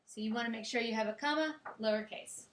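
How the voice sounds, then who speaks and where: A woman's voice: on the high side, fast talker. A woman teacher giving a grammar lecture in a classroom, explaining step by step and checking in with her students. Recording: echoey classroom.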